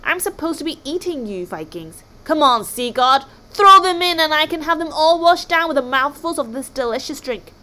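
A woman's voice: sits high, expressive, normal speed, hardly any pauses, bright, forceful tone, voice pushed up. A woman voicing a greedy, bellowing sea monster in a storybook reading. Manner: roaring, bellowing.

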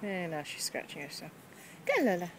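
Playful woman with a lively voice, outdoors. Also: fairly low pitch, normal speed. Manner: playful, self-mocking, talks to the cat. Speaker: vlogger. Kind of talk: casual narration while petting a cat. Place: outdoors on a street. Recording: noisy outdoor street recording.

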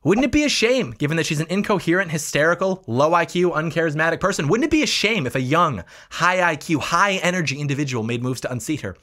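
Male vlog host, political commentary, quick and combative, slightly high voice. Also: animated, bright, forceful tone. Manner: combative, mocking asides.

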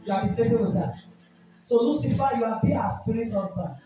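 A woman pastor with a Nigerian accent leads a deliverance ministration, issuing rebuking commands again and again in a fairly high, dark-toned voice with lively intonation and a fairly quick pace. She is recorded from a distance in an echoey church hall with music.

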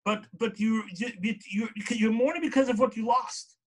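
Man, high-pitched voice, religious lecture, storytelling, repeated "right?" tags, emphatic quotes. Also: steady tone, normal speed. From lived in Israel. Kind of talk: sermon-style lecture.

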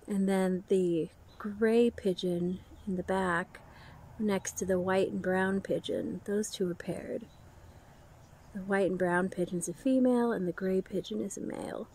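Outdoors in the sun, a woman who looks after rescued birds chats casually with her pet bird, doting on it and cooing praise. Her voice is medium-pitched, steady, measured, and a little mellow, with a slight hiss or hum. Birds call and coo in the background.

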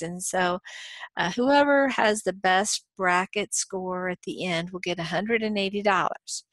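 A woman's voice: lowish voice, unhurried, fairly bright tone, no echo. Chatty middle-aged woman lecturing. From Texas. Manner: chatty, playful, many fillers. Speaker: college instructor. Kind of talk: recorded lecture.

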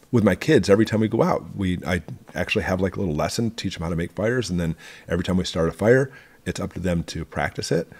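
A man from Michigan talks fast in a casual how-to vlog, full of asides and direct questions to his viewers. His voice sits low, gravelly and husky. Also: darkish tone. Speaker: prepping channel host.

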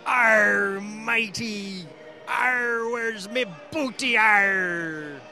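A goofy pirate-flavored Irish impression, done by a man as a gag. It is slow and growled, higher and brighter than his usual voice, with festival music faint behind. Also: exaggerated voice. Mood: mock pirate. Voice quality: growled "arr" exclamations. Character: man's mock Irish brogue, like a growling pirate. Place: outdoor festival.

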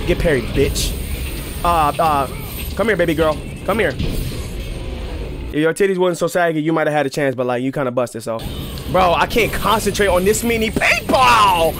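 A young man commentating his own gameplay, excitable and profane, trash-talking enemies and shouting at the screen. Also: a little high, moderate pace. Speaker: gaming channel host. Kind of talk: let's play commentary. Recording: game music clearly behind the voice.

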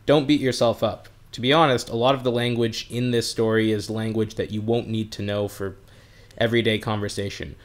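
English teacher, man, low voice, friendly and explanatory, streaming from home. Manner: friendly, explains words, chats with viewers. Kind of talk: live-streamed language lesson.

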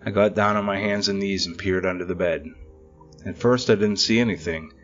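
A man narrating a scripted horror story in a measured, steady way. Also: low voice, muffled recording, faint music behind.

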